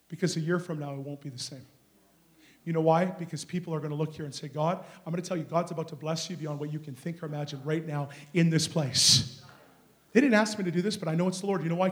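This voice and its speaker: Male preacher, high voice, storytelling sermon with hushed and loud swings. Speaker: guest preacher. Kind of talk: charismatic sermon. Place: church sanctuary.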